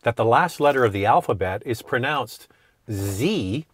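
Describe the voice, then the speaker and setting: A man's voice: medium pitch, expressive, moderate pace, slightly rough. A Canadian man co-hosting a casual car chat, explaining his points step by step. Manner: explanatory, talks through his reasoning. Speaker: car show co-host.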